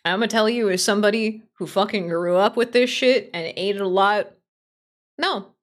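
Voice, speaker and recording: A woman's voice: mid-range voice, moderate pace. A woman streamer talking in a mid-range voice, casual and playful as she answers her chat. She is blunt and opinionated, and she swears heavily through her running commentary.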